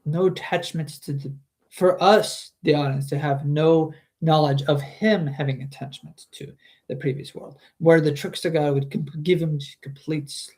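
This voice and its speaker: Slow, chatty man reading a novel and commenting on it, slightly high voice. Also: a little mellow. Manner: chatty, with frequent restarts. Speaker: book reader and streamer. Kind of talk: casual book reading with commentary.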